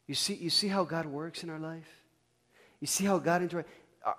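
A man preaching a sermon as pastor, telling a story and swinging between loud bursts and hushed asides. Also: medium pitch, fairly even intonation, moderate pace, long pauses. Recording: long reverb of a church hall.

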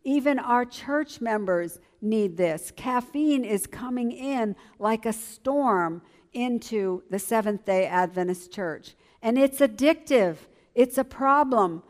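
A woman's voice: a little high, slow. A woman in her seventies giving an enthusiastic church presentation as a health educator. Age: 70s. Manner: lively, enthusiastic, emphatic.

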